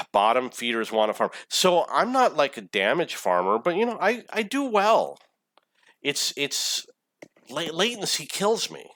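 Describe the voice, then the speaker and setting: A man's voice: on the high side, big pitch swings, unhurried, fairly bright tone, no echo. A man in his forties giving casual, rambling commentary over his own gameplay replay, swearing often when irritated. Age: 40s. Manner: rambling, profane, easily irritated.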